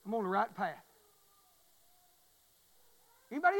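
A man preaching a fervent sermon in a church, repeating his phrases and swelling into loud pleas. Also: high-pitched, very animated, slow pace, long pauses, big-room sound, rough recording. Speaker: pastor.

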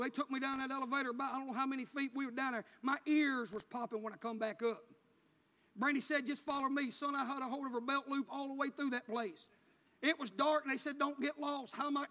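High-voiced preacher in a reverberant hall. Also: male voice, steady tone, fast. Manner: rising into loud fervent preaching with Southern country speech. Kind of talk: sermon. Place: church sanctuary. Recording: hall reverb, dull lo-fi sound.

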